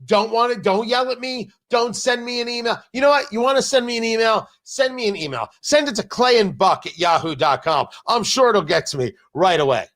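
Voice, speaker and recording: A man's voice: extremely high pitch, brisk, hardly any pauses, a bit bright. A man hosting a political commentary show, delivering a combative, sarcastic opinion monologue with emphatic repetition.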